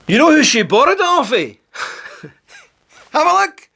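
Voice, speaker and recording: A man's voice: very high voice, wildly swooping pitch, measured pace, gravelly, long pauses, pushed and bright, slight background noise. A man delivering indignant, sarcastic video commentary.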